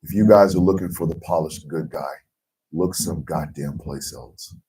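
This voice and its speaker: A very deep-voiced American man hosts a morning radio show, talking in a blunt, impassioned rush. His words are heavily profane. He sits slightly back from the microphone. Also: normal speed, mellow, far from the mic, low-quality recording. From United States.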